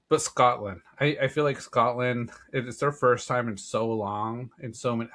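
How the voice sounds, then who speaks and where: A man's voice: fairly low pitch, fairly bright tone. A man co-hosting a sports podcast, chatting casually about soccer predictions with frequent restarts. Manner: easygoing, frequent "yeah" and restarts. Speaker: podcast co-host.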